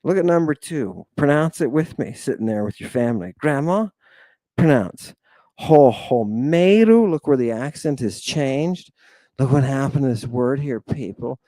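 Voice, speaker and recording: A man's voice: medium pitch, dark tone, no room sound. A man teaching ancient Greek in a recorded lecture, chatty and self-mocking, checking in with "right?" again and again and drawing out words for pronunciation drills. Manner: drawn-out, emphatic pronunciation drills. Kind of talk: recorded online language lecture.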